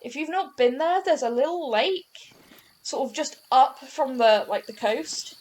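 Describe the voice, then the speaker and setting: A young woman talks through her hunting game in a loose, chatty way. She rambles, trips over words and restarts her sentences. Her voice sits a little high for a woman. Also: unhurried, a little mellow. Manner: chatty, rambling, self-correcting. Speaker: gaming channel host. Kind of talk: casual gameplay commentary.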